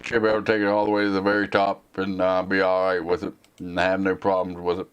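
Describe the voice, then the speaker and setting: A man's voice: low voice, monotone, fast, lo-fi sound, slight background noise. A man with a Southern American accent and a slight slur, rambling casually as he answers viewer questions on a live tech stream. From United States. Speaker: tech channel host.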